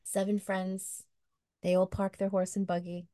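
A woman's voice: medium pitch, level tone, a little slow, mellow. A woman co-hosting a podcast, chatting casually and improvising a story in a jokey manner full of "you know"s. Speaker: podcast co-host.

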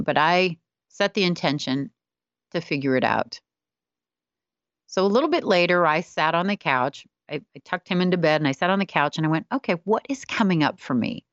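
A woman's voice: low-pitched, no room sound, muffled recording. A middle-aged woman, a spiritual wellness teacher, telling a personal story candidly and often laughing at herself.

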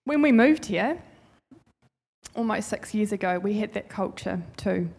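A woman's voice: medium pitch, lively intonation, unhurried, vocal fry, darkish tone. A woman giving an informal, heartfelt church talk in a chatty, rambling way. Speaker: church speaker. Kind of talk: informal sermon testimony.

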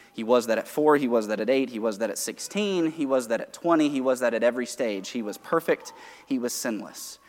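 A man preaching a sermon, teaching conversationally from Scripture and alternating rising emphasis with quiet asides. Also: mid-range voice, in a large hall.

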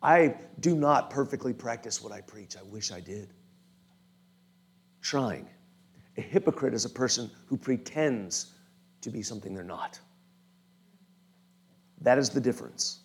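A man's voice: mid-range voice, animated, a little slow, long pauses, husky. A male pastor preaching a conversational sermon who keeps checking in with his listeners. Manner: informal, often checks in with the listeners.

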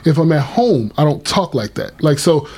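A man's voice: on the high side, sing-song, darkish tone. Rambling podcast co-host man. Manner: rambling, repeats himself, drawn-out explanations. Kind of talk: casual chat.

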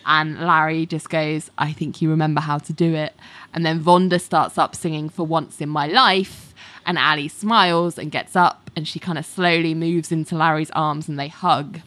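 A woman's voice: low voice, steady tone, normal speed, a bit bright. A woman recapping a TV episode for a podcast in casual chat, recounting scenes in detail and acting out the lines. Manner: recounts scenes in detail, acts out quotes, laughs often.

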